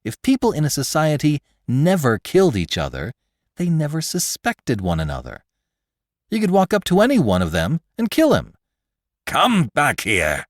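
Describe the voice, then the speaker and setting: A man narrating a story in a dramatic, expressive reading style. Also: lowish voice, dry recording. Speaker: podcast host and narrator. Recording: dry close studio sound.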